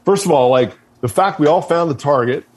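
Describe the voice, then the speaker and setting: A man's voice: a little high, fairly quick, a little mellow. A man, a military veteran, telling a war story in a blunt, casual way, swearing freely and restarting his sentences often.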